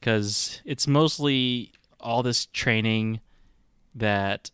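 A man's voice: medium pitch, extremely slow, a bit bright, clean tone, no room sound, studio quality. A young man co-hosting a casual movie review chat, agreeable, chiming in often and laughing along. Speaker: podcast co-host.

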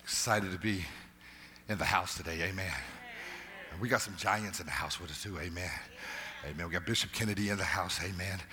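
A man pastor preaching a sermon in a church, calling out to the congregation, repeating words and building to shouts. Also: low-pitched, brisk. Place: church sanctuary.

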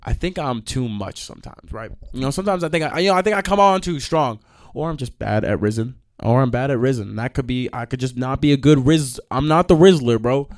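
A young man hosting a podcast, ranting in a profane, animated way with sudden loud outbursts. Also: medium pitch, fairly quick, no echo, clean studio sound. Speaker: podcast host. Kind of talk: ranting monologue.

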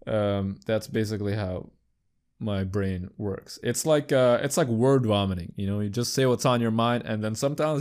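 A young man hosting a podcast, chatting casually in a rambling, profane way and jumping into high squeaky voices for quips. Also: normal speed, darkish tone, smooth. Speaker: podcast host. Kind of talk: casual chat.

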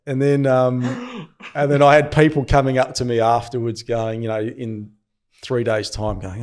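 A man's voice: mid-range voice, brisk. Australian man in his fifties telling stories. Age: 50s. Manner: relaxed storyteller, laughs at himself. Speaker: guest, cricket commentator and radio host. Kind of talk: casual interview chat.

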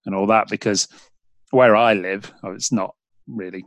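A man's voice: lowish voice, steady tone, moderate pace, no echo. A British man hosting a podcast, rambling in casual chat with lots of fillers and restarts. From United Kingdom. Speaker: podcast host.

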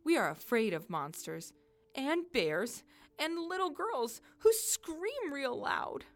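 Big fluffy scaredy yeti guy, a lady putting him on, voice jumps way up high, storybook style. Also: very animated, slow, exaggerated voice. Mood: earnest. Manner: high-pitched, jumpy, easily frightened. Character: big timid male yeti, silly and lonely.

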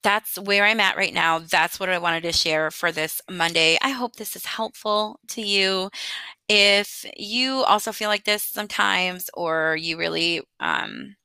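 A woman's voice: fairly low pitch, animated, unhurried, gravelly, pushed and bright, clean tone, no echo. A woman in her thirties hosting a podcast alone, talking in a chatty, earnest way and laughing lightly now and then. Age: 30s. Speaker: podcast host. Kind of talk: casual solo podcast monologue.

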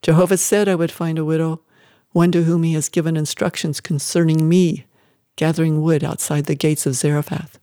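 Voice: mid-range voice, little pitch movement, brisk, dark tone, no echo, clean studio sound, lightly acted. A narrator voicing a wild, harsh-voiced older male prophet from the desert, declaiming with fire. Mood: solemn. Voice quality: harsh, gritty. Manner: fiery, declaiming. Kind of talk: audiobook character voice.

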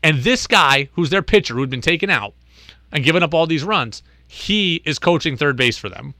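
Animated male sports talk host. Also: fairly high pitch, moderate pace, no echo. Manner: animated, exasperated storyteller.

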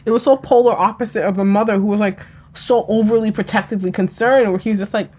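A woman in casual conversation about a TV drama, animated and laughing often, acting out quotes. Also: medium pitch, quick pace, slightly rough.

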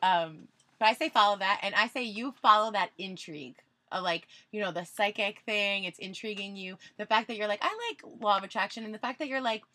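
A woman's voice: medium pitch, a little fast, sharp tone. A woman guest on a podcast, chatting casually, with lots of "like" fillers and an encouraging tone. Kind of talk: casual chat.

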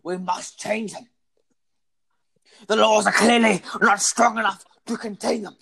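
A man's voice: sits high, steady tone, measured pace, gravelly, sharp tone, pitched above the performer's own voice, exaggerated voice. A man voicing an earnest male council member urging change.

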